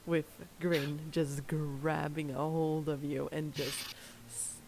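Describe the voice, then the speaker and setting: A woman running a tabletop game session, excitable and gushing. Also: low voice, slow pace, slight background noise, poor audio. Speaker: game master. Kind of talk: casual game chat.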